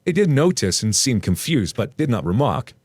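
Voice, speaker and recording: A man reads a story aloud into a close mic, his mid-pitched voice animated and full of playful asides. The sound is dry and close, with no room around it. Between stories he slips into easy, casual commentary for his listeners. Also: moderate pace, slightly rough, no echo. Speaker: story narrator.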